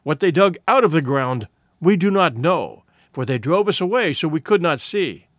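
A man's voice: fairly high pitch, lively intonation, moderate pace, no echo. Persuasive tribal speaker, rhetorical build; male reader, dry sound. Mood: rousing.

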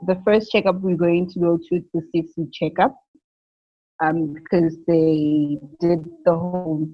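A woman's voice: on the low side, dry recording. A young woman, a new mother, talking casually in an interview, rambling with many fillers and frequent laughs. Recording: dull lo-fi sound.

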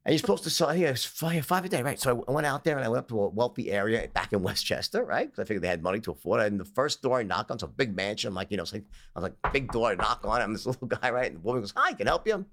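An American man, guesting in a casual interview, talks very fast in a mid-range voice. He's a lively, animated storyteller who plays the people in his stories and laughs often.

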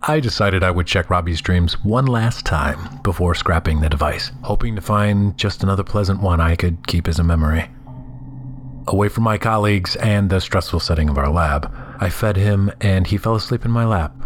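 A very deep-voiced man narrates a scripted first-person horror tale in a measured, somber way, frequently dropping into hushed whispers. There's a faint hiss or hum in the audio.

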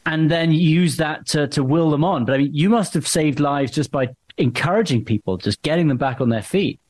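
A man's voice: fairly high pitch, normal speed, hardly any pauses, a little mellow. A man interviewing a guest, asking long, wandering, supportive questions.

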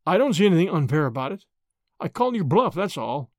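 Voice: mid-range voice, sing-song, brisk, a little mellow, no room sound, clean studio sound. A reader voicing a brash, confident young man with an American accent, blunt and persistent. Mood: persuasive. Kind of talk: audiobook character voice.

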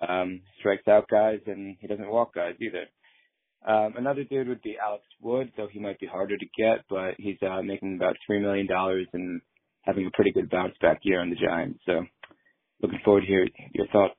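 A man calling in to a sports show with a question, steady and filled with "um"s. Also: low voice, a little fast. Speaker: caller. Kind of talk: phoned-in listener question. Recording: tinny phone line.

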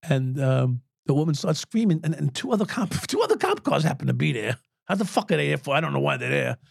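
A man's voice: a little high, sing-song, fast, vocal fry, no echo, studio quality. A man in his sixties, a former police officer, telling stories as a podcast guest, swearing freely and laughing at his own tales. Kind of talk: profane storytelling in an interview.

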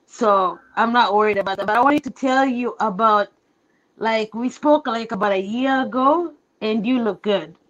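A woman's voice: on the high side, normal speed, highs cut off. A woman originally from Africa calling in to a live show, chatty, confident and candid. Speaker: caller.

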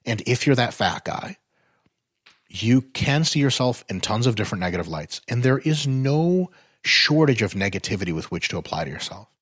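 A man talking as a podcast guest in casual chat, blunt and profane, explaining his ideas with animated swings in pitch. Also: moderate pace, breathy edge, no echo, studio quality. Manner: blunt, profane, swears freely.

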